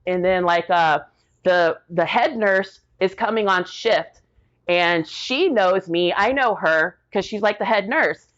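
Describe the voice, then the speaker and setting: A woman's voice: fairly low pitch, takes it slowly, fairly bright tone, highs cut off. A middle-aged woman guest telling a personal story with strong feeling. She talks casually, full of fillers, and acts out the quoted dialogue. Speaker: podcast guest.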